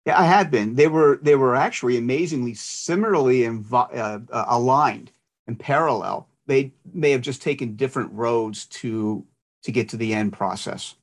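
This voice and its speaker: A man's voice: mid-range voice, normal speed. A man in his fifties, a guest in a casual interview, speaking conversationally. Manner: conversational, with fillers. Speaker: guest, security industry professional.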